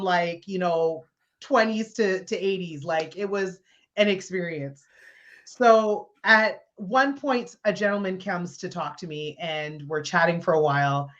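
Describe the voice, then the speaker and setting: A woman guest, a comedian, telling a funny story in conversation with lively laughter. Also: medium pitch. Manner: animated, laughing as she tells the story. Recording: slightly dull lo-fi sound.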